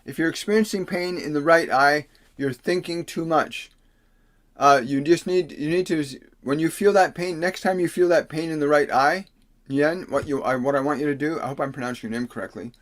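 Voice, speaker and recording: A man, a spiritual teacher on a livestream, reads out viewer questions and answers with slow, soothing instructions, sometimes slowing into solemn pronouncements. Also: on the high side. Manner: slows into solemn, preacher-like pronouncements. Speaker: spiritual teacher giving readings.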